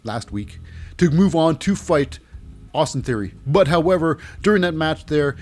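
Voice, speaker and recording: Animated rambling man recapping wrestling. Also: fairly high pitch, moderate pace, soft background music. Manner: rambling, filler-heavy, animated. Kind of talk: casual recap commentary.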